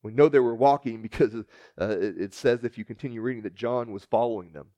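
A man preaching a sermon, retelling scripture as a story and acting out the dialogue with big swings in pitch and loudness. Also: a little fast, no echo. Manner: storytelling, acts out the dialogue with shifting pitch and volume.

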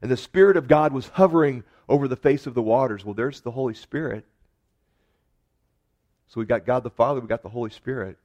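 A man preaching a sermon earnestly, rising to emphatic peaks and dropping to soft, quiet lines. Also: medium pitch, a little fast, dull audio. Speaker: pastor.

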